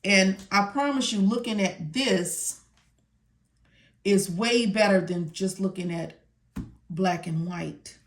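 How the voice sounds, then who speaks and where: A woman's voice: mid-range voice, slow pace, pauses often. A woman instructor walking students through medical coding notes step by step, often checking in with "okay?". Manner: repeats "okay?" and "all right?" to check in. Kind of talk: casual step-by-step tutorial.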